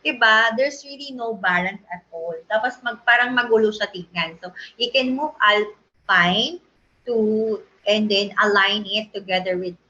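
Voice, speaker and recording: Bright chatty Filipino woman teaching. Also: medium pitch, normal speed, muffled recording. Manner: chatty, often checks listeners agree. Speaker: design instructor. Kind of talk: screen-share tutorial lesson.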